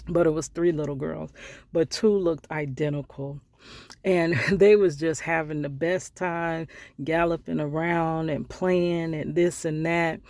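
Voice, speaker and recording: A middle-aged woman vlogger telling a personal story in a heartfelt, conversational way, sometimes dropping to hushed asides. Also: sits low, fairly even intonation, a little slow, no room sound.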